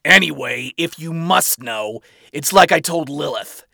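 Man putting on a crude boastful angel, rough gravelly voice, slow drawl, fan fiction reading. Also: fairly high pitch, animated, pushed and bright, dry recording, clean studio sound, exaggerated voice. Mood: mocking. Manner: brash, crude and mocking.

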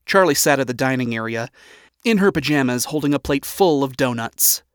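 A man giving a steady, even reading as the narrator of a story. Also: medium pitch, fairly quick, clean tone, no echo, studio quality.

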